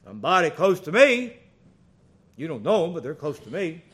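A middle-aged man preaching a sermon, folksy and animated, telling stories with big swings in loudness. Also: fairly high pitch, moderate pace.

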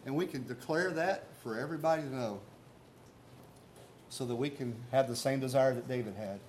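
A man with a medium-pitched, slightly mellow voice speaks at a normal speed, with a little hiss or hum in the recording. He is a pastor preaching a sermon, talking earnestly and conversationally while posing rhetorical questions to his listeners.

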